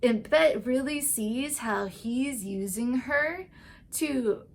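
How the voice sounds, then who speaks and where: A slightly high, creaky-voiced woman gives a chatty, gushing rundown of TV episodes, with slight background noise behind her. Heavy on "like" and "um," this TV recap and tarot vlogger briefly acts out characters' lines in quick asides.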